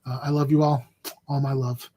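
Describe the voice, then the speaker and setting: A man who analyzes fantasy sports, talking straight to his viewers in a rambling, halting way, emotional and in physical pain. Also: mid-range voice, flat delivery, warm tone. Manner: rambling, halting, repeats words. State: emotional, near tears. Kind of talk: heartfelt casual address to viewers.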